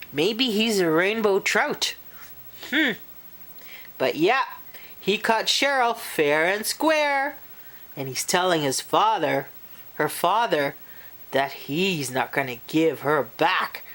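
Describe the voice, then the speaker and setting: A woman reading a children's picture book aloud, animated and expressive, pausing to talk to young listeners. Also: medium pitch. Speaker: storyteller.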